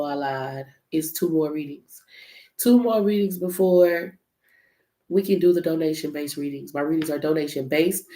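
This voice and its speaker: A woman's voice: low voice, darkish tone. A woman hosting a casual live-stream tarot reading, chatty and loose, talking straight to her viewers and swearing freely. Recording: echoey room with faint noise.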